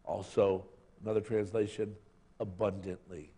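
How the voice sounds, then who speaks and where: A man's voice: lowish voice, level tone, moderate pace, dark tone, breathy edge. A man preaching a casual, joking sermon to his church, calling out to the congregation and asking for amens. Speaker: pastor. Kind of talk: lively sermon. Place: church service in a sanctuary. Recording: long hall reverb.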